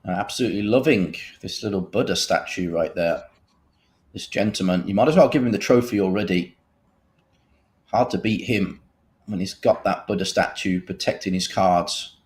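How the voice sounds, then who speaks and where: A man's voice: low voice, normal speed, darkish tone. A man in his thirties with a Birmingham accent, doing live poker commentary with jokey, self-mocking banter. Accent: Birmingham English. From England. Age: 30s.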